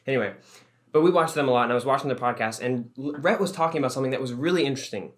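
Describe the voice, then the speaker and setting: Fast-talking young man telling a story. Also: mid-range voice. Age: young adult. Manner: rambling storytelling, swears often, laughs a lot. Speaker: podcast co-host. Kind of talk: casual chat.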